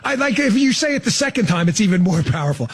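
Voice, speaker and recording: A man's voice: high voice, sing-song, fast, slight background noise. A man hosting political talk radio, sarcastic and emphatic, mocking what he hears. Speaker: radio talk show host.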